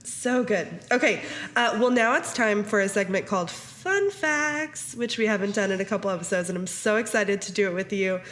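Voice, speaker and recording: A woman's voice: mid-range voice, normal speed. A woman in her thirties co-hosting a podcast, chatting casually and telling stories with lots of laughter. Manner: giggly, animated storytelling with frequent laughter. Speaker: podcast co-host.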